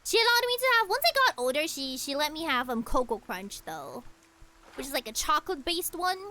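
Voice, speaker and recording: A woman's voice: high-pitched, big pitch swings, brisk, sharp tone. A young woman streaming a game, chatting casually and rambling through childhood stories with many restarts. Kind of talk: casual chat while gaming.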